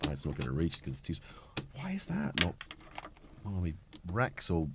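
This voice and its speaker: A middle-aged man with a cold hosts a live stream, talking casually and rambling while he tinkers with his gear and makes fun of himself. His low voice swoops wildly in pitch, he speaks fairly quickly, and the recording is very noisy.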